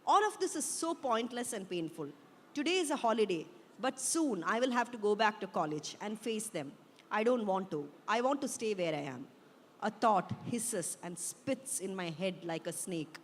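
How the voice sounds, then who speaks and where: A woman author giving an intense, expressive first-person reading of her own story at a book fair. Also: mid-range voice, normal speed, slight background noise. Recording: long hall reverb.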